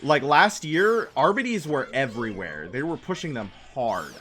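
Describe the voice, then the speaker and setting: Male gaming streamer, rambling and excitable, animated pitch, easy casual chat. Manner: rambling, excitable, quick asides.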